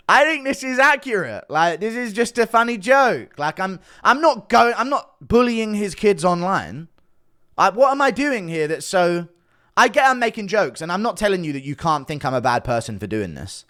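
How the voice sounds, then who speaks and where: Animated, sarcastic male commentator. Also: high voice, a little fast. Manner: defensive, sarcastic, swears a lot. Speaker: online commentator. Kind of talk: casual rant to camera.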